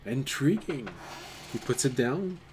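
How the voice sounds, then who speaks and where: A man running a tabletop game, narrating his character's small actions quietly and slowly. His voice has a lively rise and fall, with a faint hiss behind it. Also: mid-range voice. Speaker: game master.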